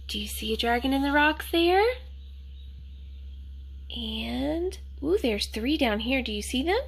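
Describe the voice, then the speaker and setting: Casting: woman storyteller for kids, slow and bright, gentle, higher voice. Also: gravelly. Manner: gentle, asks listeners questions, whispered asides. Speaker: storyteller reading to children. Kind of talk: picture book read-aloud.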